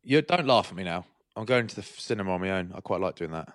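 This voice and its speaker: Man, lowish voice, dry recording, bantering podcast chat. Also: animated, fast talker, no room sound. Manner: teasing, self-mocking banter. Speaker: podcast co-host. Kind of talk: casual chat.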